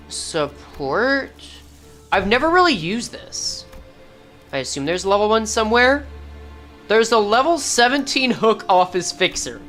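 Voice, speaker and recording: A woman's voice: mid-range voice, fairly bright tone. A woman streamer giving casual gameplay commentary, thinking aloud and correcting herself as she goes. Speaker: game streamer.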